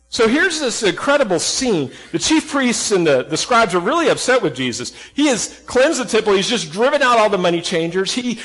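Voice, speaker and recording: A man's voice: sits high, fairly bright tone, long reverb tail, rough recording. A man preaching a sermon, earnest and emphatic, asking the listeners questions and restarting phrases as he goes. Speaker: pastor.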